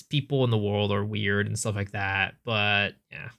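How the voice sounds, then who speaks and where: A man's voice: on the low side, lively intonation, normal speed, vocal fry, few pauses, fairly bright tone. A man streaming live, chatting casually and thinking aloud as he answers viewer questions, with frequent restarts.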